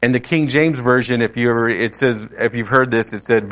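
A man's voice: mid-range voice, a little fast, hardly any pauses, fairly bright tone, highs cut off. Man preaching a conversational sermon. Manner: conversational, rephrasing as he goes.

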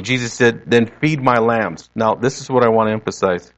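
A man's voice: mid-range voice, normal speed, low-quality recording. Man preaching a conversational sermon. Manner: conversational, rephrasing as he goes.

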